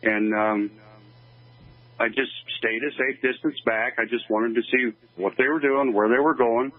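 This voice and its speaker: An older man from Oregon, a guest in an interview, giving an earnest, halting personal account with many restarts. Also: mid-range voice, steady tone. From Oregon, USA. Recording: tinny phone-line call.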